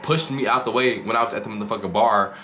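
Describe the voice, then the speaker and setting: This channel host runs through a reality show in casual, foul-mouthed, gossipy commentary full of drama. His pitch is fairly low, his pace fast and his tone sharp, with noticeable background noise.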